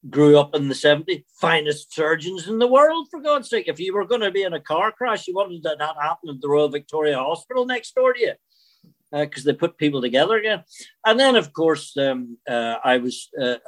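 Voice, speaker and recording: An older man, an actor telling stories in a casual interview. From Northern Ireland. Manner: chatty storyteller, animated swings in pitch. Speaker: actor guest.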